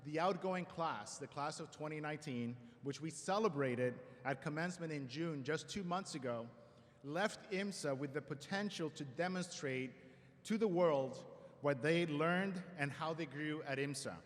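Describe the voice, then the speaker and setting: A man giving a formal convocation address at a school ceremony, measured with light self-deprecating humor, speaking at a podium microphone. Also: a little high. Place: large auditorium. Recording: long hall reverb in a large auditorium.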